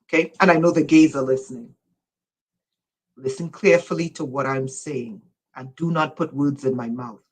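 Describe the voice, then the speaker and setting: A woman spiritual teacher giving an impassioned lecture, emphatic and loud at times, again and again urging her listeners to listen. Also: extremely low pitch, fairly even intonation, normal speed, breathy edge, poor audio.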